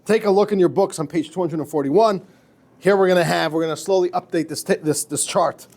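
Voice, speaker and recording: A man, a rabbi, lecturing a class in a lively, chatty way, often repeating himself and laughing at his own stories. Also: high-pitched, a little fast, gravelly. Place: classroom with students.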